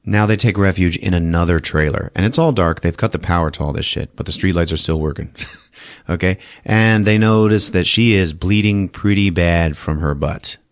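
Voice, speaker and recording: Here a man with a deep voice talks at normal speed, hosting a podcast where he runs through a horror movie in a relaxed way. He swears freely, laughs, and animatedly plays out scenes with put-on voices.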